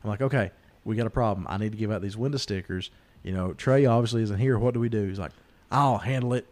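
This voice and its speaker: A man's voice: lowish voice, quick pace. A man, a podcast host telling stories in casual chat and acting out the people he quotes. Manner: animated storyteller, acts out quoted voices.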